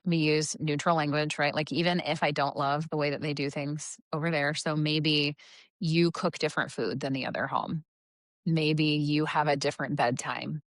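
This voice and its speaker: A woman's voice: deep voice, steady tone, moderate pace, no echo, clean studio sound. A middle-aged woman co-hosting a casual parenting podcast, chatty and quoting herself in a sing-song voice. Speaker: podcast co-host.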